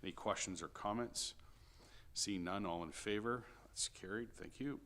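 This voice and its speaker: Low bright-voiced man chairing a meeting. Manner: brisk procedural reading of motions. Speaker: committee chair.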